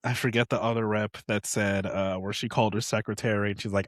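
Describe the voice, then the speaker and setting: A man's voice: fast talker, no room sound, studio quality. A man co-hosting a podcast in casual chat, sarcastic and profane, acting out quotes. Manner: expressive, sarcastic, profane, acts out quotes in high voices. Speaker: podcast co-host.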